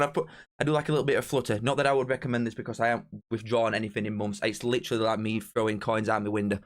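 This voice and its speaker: Excitable lad hosting a live stream. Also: male voice, mid-range voice, very fast. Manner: excitable, bantering, talks straight to chat. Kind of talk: casual live-stream chat.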